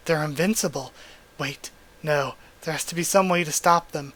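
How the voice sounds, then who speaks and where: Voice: medium pitch, a little slow, a bit bright. A channel host reading a manga chapter aloud, voicing the lines and breaking off to comment, with small restarts and corrections along the way.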